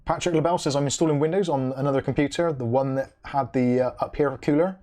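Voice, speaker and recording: Male streamer, mid-pitched, casual and chatty, reads chat and hums between comments. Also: fast talker, mellow. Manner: reads viewer comments aloud, then reacts with dry asides. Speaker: livestream host reading viewer chat.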